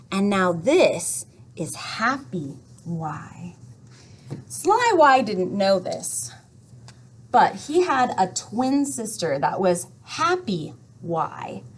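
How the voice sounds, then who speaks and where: Woman doing a kids phonics lesson, slow and bouncy, goes up and down a lot. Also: mid-range voice, breathy edge. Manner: slow, sing-song storytelling with playful sound effects. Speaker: teacher.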